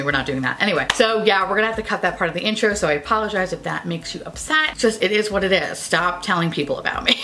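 A woman vlogger telling a story in a joking, foul-mouthed, animated way. Her pitch jumps all over the place, and her voice has a bright, forceful edge. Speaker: beauty vlogger. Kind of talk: casual storytelling vlog.

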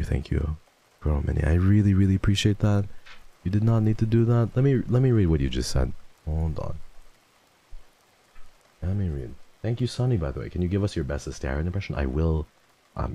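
A playful male streamer chats casually into a desk mic, thanking and teasing his viewers. His deep, dark, gravelly voice is expressive, swinging widely in pitch as he slips in and out of theatrical voices, at a moderate pace with frequent pauses.

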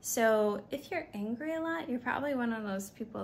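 A woman's voice: on the high side, a little fast, few pauses, a little hiss or hum. Candid woman giving wellness advice. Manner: candid, animated, acts out quoted apologies. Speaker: wellness coach. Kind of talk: casual advice monologue.

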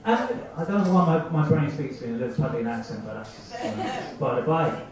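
A man's voice: medium pitch, animated, quick pace, recorded from a distance, a crowd in the background. A man doing a rambling, self-mocking stand-up set at an open mic night, acting out the voices in his head. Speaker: stand-up comedian. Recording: echoey, muffled amateur club recording from afar.

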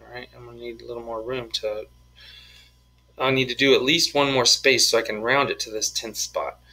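A male math teacher works through problems aloud, step by step, cracking small jokes as he goes. His voice is bright and forward with a slightly husky edge. He sounds easygoing and playful. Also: mid-range voice, steady tone, a little fast, rough recording. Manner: playful, jokey, talks through each step. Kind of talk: screen-recorded math lesson, working problems aloud.

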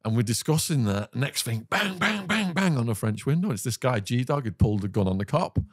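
A British man, a podcast guest, recounting a story in conversation with animated delivery, quick laughs and asides. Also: medium pitch, dry recording, studio quality. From Britain.

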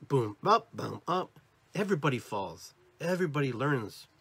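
A husky-voiced man hosting a spiritual podcast, talking straight to his listeners. His pitch swings up and down as he hammers home each point through repetition. He sounds like a motivational talk. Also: very animated, moderate pace, a bit bright, no room sound. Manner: emphatic and repetitive, addresses listeners directly; acts out different tones of voice as examples. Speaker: podcast host.

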